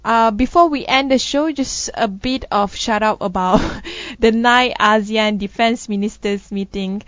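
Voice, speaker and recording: A woman's voice: a little high, normal speed, dry recording. A woman co-host, chatting casually about the news with frequent laughs and a sarcastic streak. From Malaysia. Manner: laughs often, sarcastic banter, thinking aloud with restarts. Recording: dull, dry studio sound.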